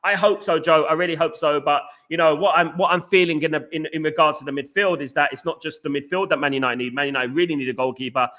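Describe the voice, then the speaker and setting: A young man hosting a live chat show, talking fast with lots of fillers and repeats, reading out viewer comments. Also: on the high side. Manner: rapid, animated, repeats himself, lots of fillers. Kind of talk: casual live-stream chat.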